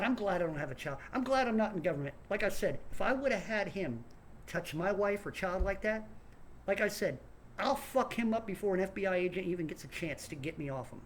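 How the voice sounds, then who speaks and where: A man's voice: high-pitched, a little hiss or hum. Angry ranting man, stumbling repeats. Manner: angry, swearing, repeats words. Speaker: online commentator. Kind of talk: angry political rant.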